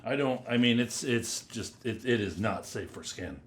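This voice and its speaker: A man giving a casual, rambling first-impressions review of perfumes, chatty and drifting into quiet mutters as he sniffs. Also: medium pitch, normal speed, slight background noise. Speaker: fragrance reviewer.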